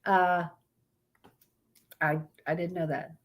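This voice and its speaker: A woman's voice: fairly low pitch, fairly even intonation, slow pace. A woman hosting a casual live stream, greeting viewers by name and reading out topics aloud with stumbles and blunt asides.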